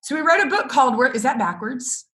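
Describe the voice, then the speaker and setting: A middle-aged woman, a business coach, chatting in an interview and telling lively stories with frequent laughter. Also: high-pitched, fast. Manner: animated storyteller, laughs often. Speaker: guest, business coach for photographers. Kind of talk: casual interview chat.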